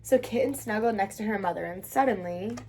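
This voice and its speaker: A woman from the United States reading a children's picture book aloud, expressive and sing-song. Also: mid-range voice, brisk, a little hiss or hum. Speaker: children's book reader, channel host. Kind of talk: read-aloud storytelling.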